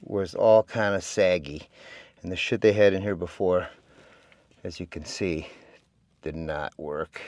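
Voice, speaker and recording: Low and a little mellow, this man's voice comes slowly with frequent pauses, recorded with no echo. He's a DIY vlogger squeezed into a tight crawl space, breathing heavily as he jokes around with his audience in a casual how-to narration.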